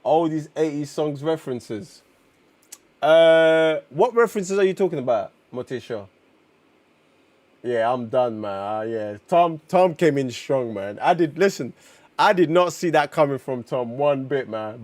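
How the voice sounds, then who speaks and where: A man, chatting casually on a live stream while reading comics, slangy and excitable as he reacts to chat. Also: mid-range voice, measured pace, dry recording.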